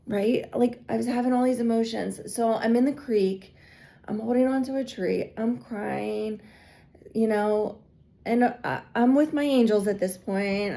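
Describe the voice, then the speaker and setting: A woman with a low, gravelly edge to her voice tells a personal story. She sounds earnest and chatty and leans on "like" constantly, with a dark, mellow tone. It has the loose feel of a spiritual guide talking straight to her followers. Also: normal speed. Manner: chatty and earnest, heavy use of "like". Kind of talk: casual confessional storytelling.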